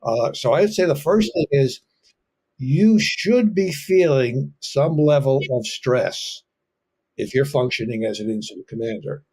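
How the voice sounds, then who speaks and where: A man who serves as a fire officer, a guest in an interview, speaking calmly with halting restarts. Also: mid-range voice, husky. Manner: calm and measured, with halting restarts. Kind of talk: casual interview talk.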